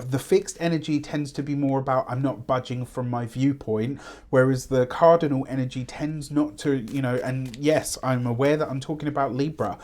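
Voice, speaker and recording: A man hosting a casual weekly tarot reading, talking chattily with animated asides. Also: mid-range voice. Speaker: tarot reader and channel host.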